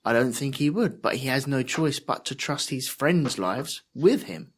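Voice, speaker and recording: A man co-hosting a casual podcast, discussing a TV episode in a thoughtful, measured way. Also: medium pitch, animated, husky. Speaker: podcast co-host. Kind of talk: casual chat reviewing a TV episode.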